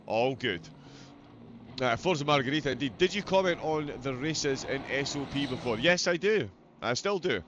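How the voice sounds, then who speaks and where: A man's voice: mid-range voice, lively intonation, moderate pace, few pauses, a bit bright, muffled recording, a little hiss or hum. A man with a Scottish accent giving live commentary on a sim race, chatty and joking as he reads out viewer messages. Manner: chatty, jokey, reads out chat.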